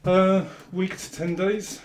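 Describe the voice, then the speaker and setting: A man chatting casually as he brews and pours his own beer in a home bar shed, relaxed and asking tag questions. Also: high voice, takes it slowly, low-quality recording. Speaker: home brewer. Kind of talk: casual how-to chat. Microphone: camera mic, held by a helper.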